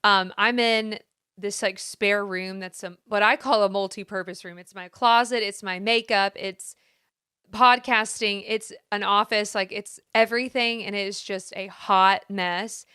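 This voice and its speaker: A woman's voice: mid-range voice, steady tone, measured pace, sharp tone, smooth, no echo, clean studio sound. A woman co-hosting a podcast in casual chat, talking in a chatty, sing-songy way from a spare room at home. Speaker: podcast co-host.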